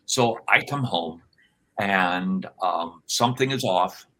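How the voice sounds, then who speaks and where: Forceful low-voiced man teaching with conviction. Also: slow, rough recording. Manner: emphatic, animated, acts out quoted voices. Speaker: podcast guest, author. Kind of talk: conversational interview, sermon-like teaching.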